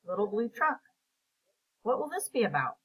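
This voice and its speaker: A woman teacher reading a picture book aloud and asking simple comprehension questions in a slow, clear, patient way. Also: mid-range voice, sing-song, a bit bright, low-quality recording.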